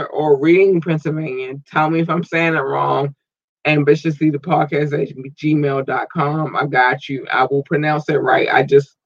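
Effusive podcast host with bright voice. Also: male voice, dry recording, highs cut off. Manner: warm, effusive, playful, sometimes squeals in a high voice. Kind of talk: casual listener shout-outs.

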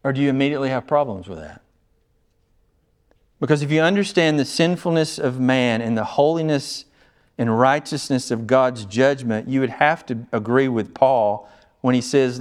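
A man preaching from the pulpit with an emphatic delivery. His voice sits at an ordinary middle pitch. He pushes hard on key phrases and then drops low and quiet for asides. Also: moderate pace, clean tone. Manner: emphatic, swings between loud urgent stress and low quiet asides. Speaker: pastor. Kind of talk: expository sermon.

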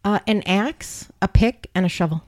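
A woman's voice: mid-range voice, normal speed. A woman co-hosting a podcast, telling a true-crime story in casual chat, wry and profane. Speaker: podcast co-host; emergency dispatch worker.

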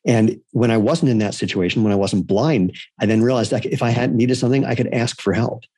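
A man's voice: medium pitch, a little fast, darkish tone, slightly rough, no echo. A man talking casually as a podcast guest, blunt and irreverent, telling personal stories. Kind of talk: casual conversation.

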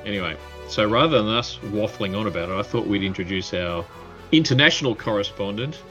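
A man's voice: lowish voice, animated, fairly quick, pushed and bright, lo-fi sound, faint music behind. A man with an Australian accent hosting a casual podcast chat, rambling and joking with his guests. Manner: jokey, rambling, laughs often. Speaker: podcast host.

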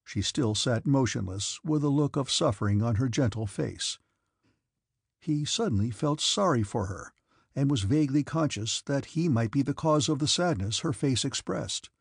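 A man reading a classic novel aloud as an audiobook narrator, calm and measured. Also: mid-range voice, creaky, husky, no room sound, studio quality. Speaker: audiobook reader.

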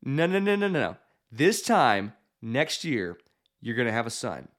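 A man voicing an older male prophet who speaks calmly and firmly to reassure. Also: a little high, normal speed, close to an everyday voice. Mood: assuring. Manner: firm, reassuring. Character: calm authoritative old male prophet.

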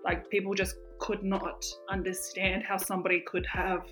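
A woman's voice: medium pitch, moderate pace, faint music behind. Swearing, chatty woman. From Australia. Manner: animated storytelling, heavy fillers and swearing. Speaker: podcast co-host. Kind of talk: casual chat.

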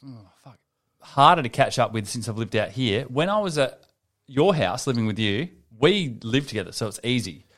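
A young man, co-hosting a casual podcast. He tells animated, exasperated stories, swearing freely, in a mid-range voice. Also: medium pitch, moderate pace. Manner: swears a lot, animated storytelling. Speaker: podcast co-host.

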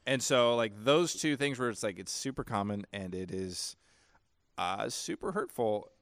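A man co-hosting a casual podcast, talking in halting restarts with dry humor. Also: mid-range voice, lively intonation, fairly bright tone, no room sound. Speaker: podcast co-host. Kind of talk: casual chat.

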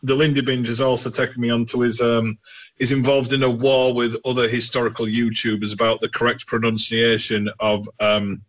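A man's voice: medium pitch, flat delivery, fairly quick, fairly bright tone. Rambling man, lo-fi sound. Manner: swearing, rambling, laughs a lot, puts on game voices. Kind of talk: casual chat. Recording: dull lo-fi sound.

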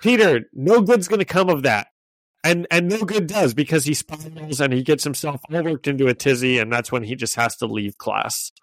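A man's voice: fairly high pitch, normal speed, no echo. A man co-hosting a podcast, chatting and laughing as he recaps a comic, often restarting his sentences. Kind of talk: casual chat.

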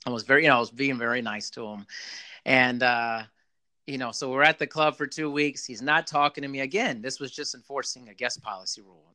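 Man, casual storyteller, bright forward tone, dry close sound, ex club manager, lively delivery. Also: medium pitch, a little fast, dry recording. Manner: animated, repeats "you know" often. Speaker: former club general manager.

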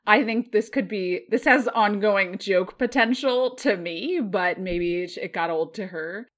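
A woman's voice: medium pitch, unhurried, a bit bright. A woman co-hosting a casual chat show, reading posts aloud and breaking off with laughing asides. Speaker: podcast co-host.

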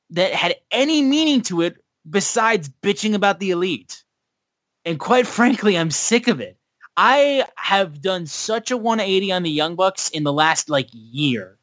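Bright animated man ranting on a podcast. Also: high voice, no echo. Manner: animated and profane, recapping and ranting. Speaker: podcast co-host. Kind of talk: casual podcast chat.

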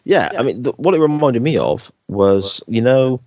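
A man's voice: medium pitch, very animated, normal speed, a little mellow, dry recording, dull audio. A man co-hosting a podcast, chatting casually and laughing easily, with frequent tag questions. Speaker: podcast co-host. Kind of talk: casual chat reviewing a TV episode.

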